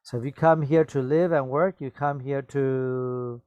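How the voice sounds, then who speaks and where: A male English teacher with a mid-pitched, steady voice gives a classroom vocabulary lesson, speaking slowly and patiently. He repeats every word and keeps checking in with a quick "okay?", his tone a little mellow, clear and resonant. He's recorded close to the mic in a dry, echo-free room, though the recording sounds muffled.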